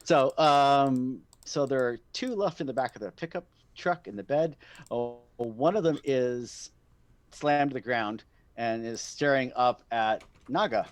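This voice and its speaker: A man runs a tabletop game as its game master, narrating the scene in a middle-pitched voice. He talks haltingly, stopping on ums and starting phrases over as he works out what happens next. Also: dry recording. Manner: halting, full of ums and restarts.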